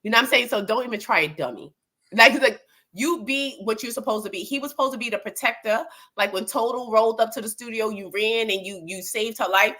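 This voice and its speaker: A woman co-hosts a casual gossip show with a bright, slightly high voice. She rambles, restarts her sentences and swears freely. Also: a little fast. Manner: animated, blunt and profane, rambling with restarts. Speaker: co-host.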